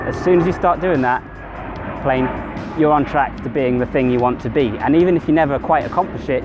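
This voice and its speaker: A man talking casually to camera in a rambling, conversational way, sometimes correcting himself mid-sentence. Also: medium pitch. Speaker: vlogger. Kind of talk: casual self-help monologue to camera.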